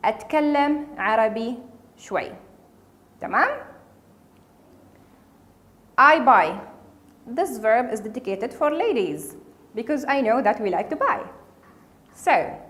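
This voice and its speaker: A woman teaching a casual spoken language lesson, patiently repeating each word for learners. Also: a little high. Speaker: Arabic dialect teacher.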